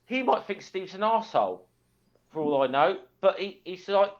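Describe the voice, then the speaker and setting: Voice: mid-range voice, animated, normal speed, a little hiss or hum. Emphatic swearing guest on dull audio. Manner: emphatic, swears, repeats points. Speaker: guest on the stream. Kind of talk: casual argument.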